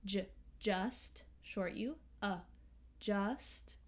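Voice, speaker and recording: An American woman teaching English pronunciation, slowly and carefully modeling sounds and words. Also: mid-range voice. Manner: slow, careful, models sounds and sings lines. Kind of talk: pronunciation lesson with sung examples.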